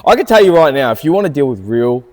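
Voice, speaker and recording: A man's voice: medium pitch, very animated, fast talker, big-room sound. A man, co-hosting a casual chat, telling stories earnestly and with animation. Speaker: podcast co-host, car salesman.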